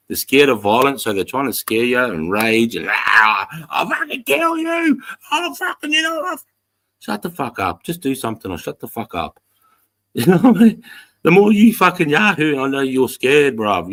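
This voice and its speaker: A middle-aged Australian man talks straight to his livestream viewers, blunt and full of swearing. His voice sits at a medium pitch, and his delivery is plain-spoken and unpolished. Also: a bit bright. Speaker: livestream host. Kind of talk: casual livestream chat to viewers.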